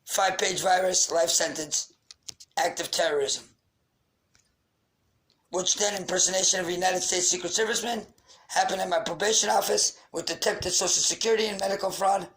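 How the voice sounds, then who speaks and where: A man's voice: high voice, steady tone, a little fast, fairly bright tone, poor audio. A man rants into the camera, angry and accusatory. He fires off grievances and insults in a raw, unscripted monologue. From Queens, New York. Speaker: vlogger. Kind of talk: ranting monologue.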